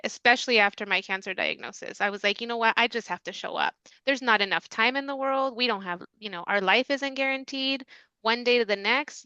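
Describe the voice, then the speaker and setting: A woman's voice: mid-range voice, sharp tone, clean tone, no room sound, muffled recording. A middle-aged woman with a Mexican American accent, a therapist guest speaking reflectively and openly in casual conversation.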